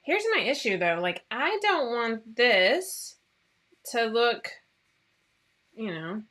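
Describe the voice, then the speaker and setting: A woman's voice: on the high side, big pitch swings, takes it slowly, bright, forceful tone. A woman, hosting a casual live-stream chat in a bubbly, rambling way with many fillers. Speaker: host of a sewing pattern company show.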